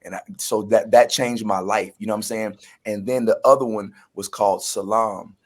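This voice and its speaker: A man's voice: fairly low pitch, fairly even intonation, normal speed. A man, a guest actor telling his story in a casual interview. He acts out the voices he quotes and often restarts his sentences.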